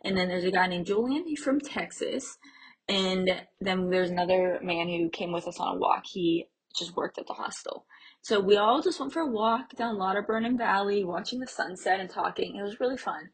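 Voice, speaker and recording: A woman's voice: mid-range voice, normal speed, rough recording. A young woman from Pennsylvania telling a casual travel story, chatty and full of "like", laughing between thoughts. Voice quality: very breathy, airy voice. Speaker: travel vlogger.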